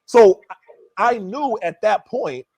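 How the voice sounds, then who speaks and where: A former pro basketball player, a man, tells a story in casual chat, animatedly acting out what others said and sprinkling in "you know" and "right?". His voice is high, slow, and slightly breathy, with no echo.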